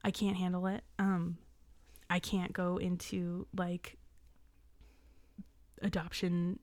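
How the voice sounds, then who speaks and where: A woman's voice: fairly low pitch, level tone, slow, a little mellow, no room sound. A young woman co-hosting a podcast in casual chat, telling an emotional story close to tears and swearing freely. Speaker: podcast co-host.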